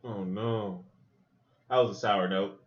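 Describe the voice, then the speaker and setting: Low-voiced and slow-paced, this man comes through on a muffled recording. He's a podcast host watching a movie, reacting in casual speech laced with profanity. His delivery is animated, with asides as he thinks things through aloud.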